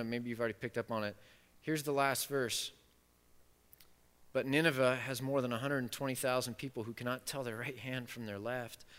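A man preaching a sermon, animated and playful, acting out the voices of the story's characters. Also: medium pitch. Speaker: pastor. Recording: long reverb of a large hall.

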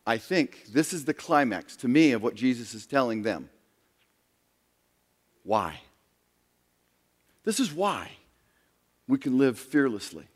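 A man preaching a sermon as pastor, dramatic, swinging between loud emphasis and hushed near-whispers. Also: medium pitch, very animated, slow, pauses often, big-room sound.

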